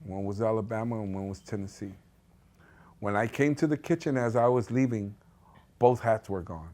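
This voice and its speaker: A middle-aged father recounts family moments in an easy, storytelling way. His voice sits a little low. It is a sit-down documentary interview. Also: normal speed, dark tone. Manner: conversational storytelling. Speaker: parent of an athlete.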